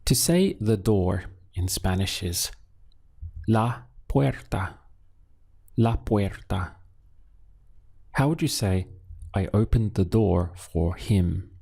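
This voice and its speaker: A man teaching Spanish, patiently drilling phrases and repeating each word slowly. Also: low voice, lively intonation, creaky, mellow, husky. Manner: slow, patient, deliberate drilling with repeated words. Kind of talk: language lesson with drills.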